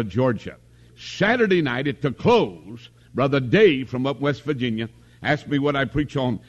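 A man's voice: medium pitch, dull audio. A middle-aged man preaching at a revival in a tabernacle, folksy and homespun, joking and calling for amens. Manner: folksy, homespun, with jokes and calls for amen. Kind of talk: sermon.

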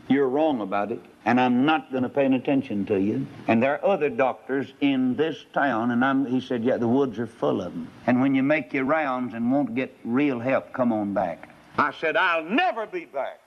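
Dramatic male preacher on a dull old recording. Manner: dramatic storytelling, voicing characters, rising to high emphatic peaks. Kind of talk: sermon with acted dialogue.

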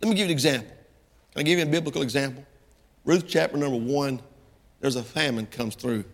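A middle-aged man preaching a sermon in a folksy style that climbs into impassioned, shouted passages. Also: medium pitch, quick pace, big-room sound.

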